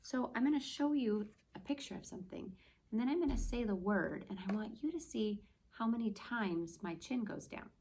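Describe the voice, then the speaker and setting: A woman teacher giving a remote lesson to young children, speaking slowly and clearly, modeling words and answers for the class. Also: fairly high pitch, animated, darkish tone, slight background noise. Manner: slow, clearly spoken teacher voice.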